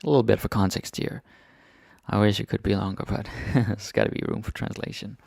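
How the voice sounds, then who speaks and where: Low gravelly man teaching grammar. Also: a little fast, dry recording, clean studio sound. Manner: relaxed, often checks in with "right?". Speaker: Danish language teacher. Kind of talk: casual grammar lesson.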